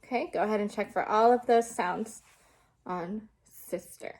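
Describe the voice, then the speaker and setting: A young adult woman teaching a remote lesson, slowly and patiently sounding out words for children. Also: medium pitch, a little mellow.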